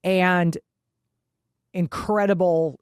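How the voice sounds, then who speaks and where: A woman's voice: lowish voice, steady tone, extremely slow, clear, resonant tone, dry recording, studio quality. A woman co-hosting a sports podcast, talking bluntly in casual chat. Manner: blunt, chatty. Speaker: podcast co-host.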